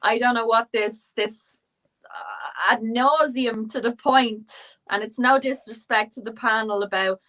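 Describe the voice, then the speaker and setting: A woman's voice: a little high, measured pace, a bit bright. A woman on a racing panel, speaking emotionally and pleading for her favourite horse. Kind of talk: passionate casual chat.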